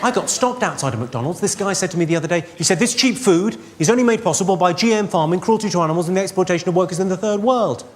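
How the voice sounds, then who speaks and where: A man's voice: sits high, lively intonation, rapid-fire, few pauses. A man doing a stand-up set, telling a story in a dry, wry way. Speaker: stand-up comedian. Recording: live club with loud crowd and noise.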